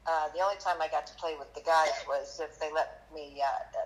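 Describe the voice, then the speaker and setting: A woman guest on a podcast, telling her story in a halting, chatty way with many fillers, turning lively when she quotes people. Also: sits low, poor audio. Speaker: magician guest. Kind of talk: conversational storytelling interview.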